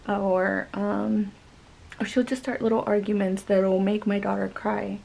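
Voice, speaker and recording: A woman's voice: mid-range voice, flat delivery, measured pace, creaky, mellow, low-quality recording. A woman vlogger and mother telling a story in casual chat, rambling with many fillers.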